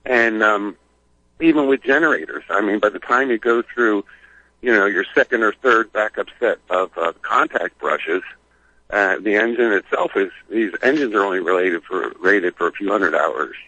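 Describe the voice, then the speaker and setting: A Philadelphia man, a frequent caller, speaks at normal speed in a lowish, pushed, bright voice during a radio phone-in. His talk is rambling and hesitant with lots of fillers, recorded dry over a dull phone line.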